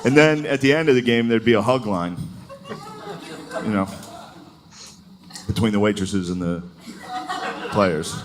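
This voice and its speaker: A man's voice: fairly low pitch, steady tone, a little slow, pauses often, crowd noise. A man doing a stand-up comedy set, telling stories in a crude, profane and laughing way. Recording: noisy live recording.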